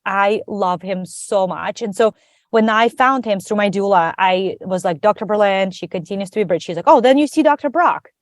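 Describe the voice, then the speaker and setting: Woman guest recounting a personal story, lively and chatty, medium pitch, dry close sound. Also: moderate pace, dry recording. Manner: animated, acts out quoted dialogue. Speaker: podcast guest. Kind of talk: conversational storytelling.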